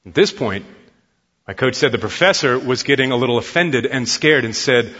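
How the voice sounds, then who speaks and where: A man's voice: mid-range voice, expressive, moderate pace, pushed and bright. A male pastor preaching a Sunday sermon in a church, telling a story and acting out its dialogue. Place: church sanctuary. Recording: dull lo-fi sound with long hall reverb.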